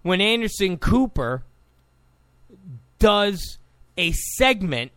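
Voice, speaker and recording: A man's voice: high-pitched, very animated, extremely slow, a bit bright, smooth, dry recording. A man delivering a combative, sarcastic political monologue, repeating points for emphasis. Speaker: political commentator. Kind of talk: opinionated monologue.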